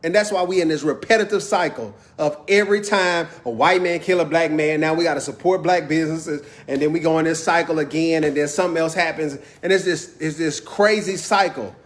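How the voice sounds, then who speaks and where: A man with a high-pitched voice delivers an impassioned monologue in African American Vernacular English. He talks in a heated, preachy way, full of slang, and hammers his points home by repeating them. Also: fairly quick, hardly any pauses. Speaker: video host.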